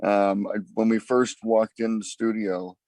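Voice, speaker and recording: An easygoing man chats about his band in an interview. He talks in a relaxed, halting way. His voice is low and the recording is dry. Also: no echo, rough recording. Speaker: band member. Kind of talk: casual interview chat.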